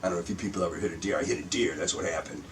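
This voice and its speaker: A man putting on the gravelly voice of a fellow comedian telling a rambling story on stage. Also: deep voice, steady tone, rapid-fire, far from the mic, a little hiss or hum, voice pushed down, close to an everyday voice.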